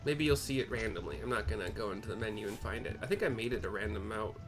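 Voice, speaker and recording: A man's voice: on the low side, quick pace, music in the background. Chatty man narrating a game. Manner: chatty and rambling, self-correcting. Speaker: gameplay narrator. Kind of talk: casual playthrough narration with audio description.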